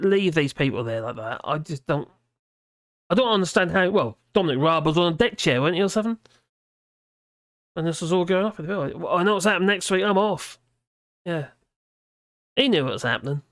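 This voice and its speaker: Tired host of a live stream, gravelly and mumbling, on a dry close mic. Casual and rambling, with halting restarts. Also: mid-range voice, lively intonation, a bit bright, no echo. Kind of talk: casual live stream commentary reading out chat.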